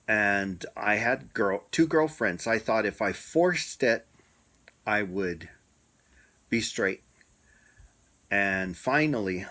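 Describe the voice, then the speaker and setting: A middle-aged man with a fairly low voice recounts a personal story at a slow, deliberate pace. His telling is reflective, with many pauses and fillers. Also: sharp tone. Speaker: storyteller sharing a personal experience.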